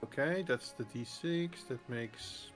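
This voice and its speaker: A man's voice: medium pitch, slow pace, faint music behind. Unsure man rolling dice in a game. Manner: unsure, asking questions. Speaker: player. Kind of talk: casual tabletop play.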